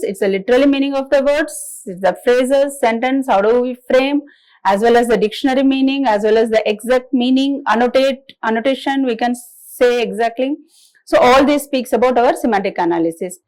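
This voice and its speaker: A woman giving a recorded classroom lecture in a halting, explanatory way, with frequent restarts. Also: fairly high pitch, darkish tone, low-quality recording. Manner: halting explanatory delivery, many restarts and fillers.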